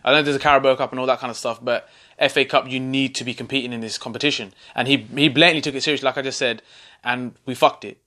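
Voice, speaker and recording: A man's voice: medium pitch, fairly even intonation, fast, bright, forceful tone. A man co-hosting a casual football fan chat, talking earnestly and agreeing with his partner. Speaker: football fan channel host.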